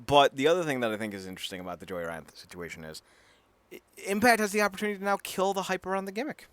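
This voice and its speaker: A man co-hosting a casual wrestling podcast, ranting heatedly and swearing freely, with quick bursts of comic impressions. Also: on the high side, fairly bright tone, clear, resonant tone, no echo. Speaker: podcast co-host.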